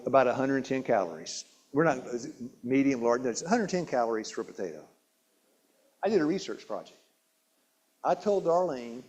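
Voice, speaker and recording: A man's voice: fairly high pitch, darkish tone. A man presenting a nutrition talk at a church hall, quizzing his audience with questions, repeating key words and often restarting sentences. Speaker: health seminar presenter.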